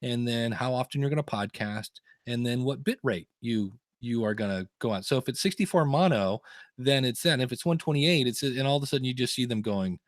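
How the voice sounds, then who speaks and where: A man's voice: medium pitch, fairly quick, no echo, studio quality. Chatty man hosting a podcast. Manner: rambling storyteller, acts out quotes in funny voices. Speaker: podcast host. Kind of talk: casual podcast chat.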